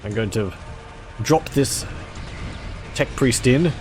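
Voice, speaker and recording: A man's voice: mid-range voice, slow pace, a little mellow, soft background music. A man casually commenting on a strategy game, chatty and rambling, with jokey asides. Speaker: gameplay commentator.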